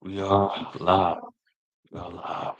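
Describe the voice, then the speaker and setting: A man's voice: low-pitched, level tone, takes it slowly, no echo, muffled recording. A man hosting a podcast in casual chat, easygoing and brushing off his co-host's teasing. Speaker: podcast host.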